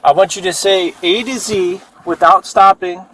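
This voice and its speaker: A male police officer at a night roadside stop, talking calmly and steadily as he gives instructions. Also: high-pitched, moderate pace. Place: outdoors at night by a road. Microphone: body camera. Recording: noisy outdoor bodycam audio.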